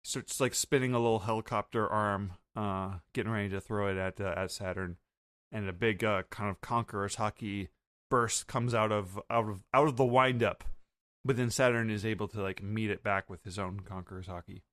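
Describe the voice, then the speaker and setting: A man hosting a podcast, recapping an anime episode in a casual, halting way with many fillers. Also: fairly low pitch, fairly even intonation, a bit bright, dry recording. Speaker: podcast host.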